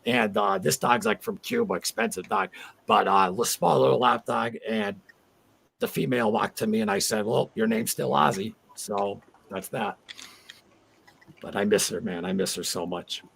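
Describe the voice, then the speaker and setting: A man's voice: lowish voice, expressive, normal speed, vocal fry, a bit bright, a little hiss or hum. A man in his forties hosting a casual livestream chat, rambling and heartfelt as he reads viewer comments aloud. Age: 40s. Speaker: livestream host.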